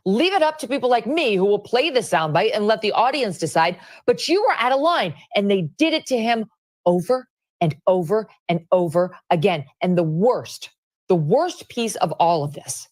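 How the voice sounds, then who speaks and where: A woman giving indignant, emphatic opinion commentary on a news broadcast. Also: on the high side. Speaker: political commentator.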